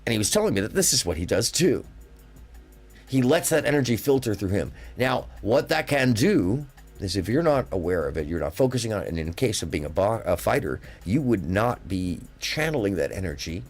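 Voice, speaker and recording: A man's voice: lowish voice, big pitch swings, fairly quick, soft background music. A man hosting a live call-in stream, telling stories in a rambling, emphatic way. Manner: rambling storyteller, emphatic, drifting pace. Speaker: livestream call-in host. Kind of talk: casual call-in chat.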